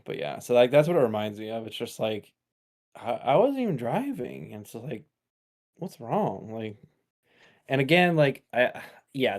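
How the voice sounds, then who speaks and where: A man co-hosting a casual gaming podcast, telling stories with laughs, swearing and lively acted quotes. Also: on the low side. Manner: animated storytelling, laughs often, profane. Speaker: podcast co-host.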